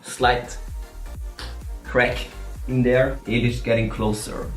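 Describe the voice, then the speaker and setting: A man giving a relaxed, chatty guitar setup tutorial at home. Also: medium pitch, takes it slowly, reverberant. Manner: relaxed, chatty, laughs at himself. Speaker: guitar vlogger. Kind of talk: casual tutorial.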